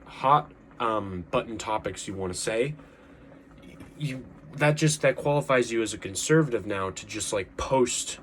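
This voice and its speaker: A man's voice: on the low side, a little hiss or hum. A young man talking earnestly to camera in a casual monologue, rambling with frequent restarts and fillers. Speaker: vlogger.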